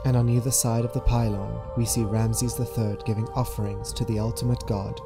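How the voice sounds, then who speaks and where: A man reading measured, informative documentary narration. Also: mid-range voice, level tone. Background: music.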